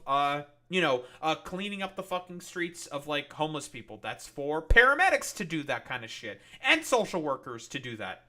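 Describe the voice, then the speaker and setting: A man's voice: on the high side, animated, moderate pace, sharp tone. A young man doing live-stream commentary, ranting in an exasperated, profane way with mocking, sarcastic asides.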